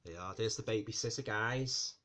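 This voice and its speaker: A man's voice: lowish voice, a little fast, pushed and bright. Rambling man reviewing a film. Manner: rambling, full of fillers, keeps calling the viewers guys; repeats himself and restarts phrases often. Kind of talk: casual movie review vlog.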